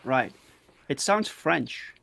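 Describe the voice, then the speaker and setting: A man hosting a casual livestream chat, excitable and full of fillers and restarts. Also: mid-range voice, very slow, vocal fry, no echo. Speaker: talk show host.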